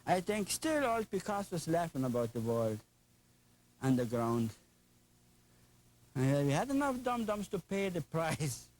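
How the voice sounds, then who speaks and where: A man's voice: fairly high pitch, very animated, measured pace, pauses often, a little mellow, a little hiss or hum, poor audio. An older man with a German accent, teaching a painting lesson in an enthusiastic, folksy, chatty way with playful asides. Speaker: painting instructor.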